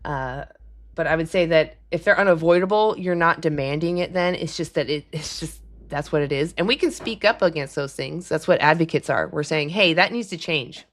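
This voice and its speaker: A young woman talking casually on her livestream, chatty and quick to laugh as she answers commenters. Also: low-pitched. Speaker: livestream host. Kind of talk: casual live-stream chat.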